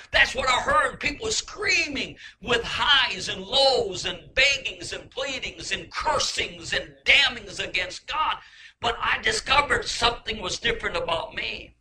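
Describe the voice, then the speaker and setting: A man giving an emotional sermon testimony, impassioned and repetitive, rising to shouts. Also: high-pitched, a little hiss or hum, poor audio.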